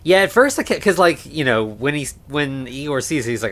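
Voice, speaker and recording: A man co-hosting a casual podcast, walking through a film's plot. He rambles and leans on fillers, breaking into quick laughs. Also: mid-range voice, animated, a bit bright. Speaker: podcast co-host. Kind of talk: casual movie recap chat.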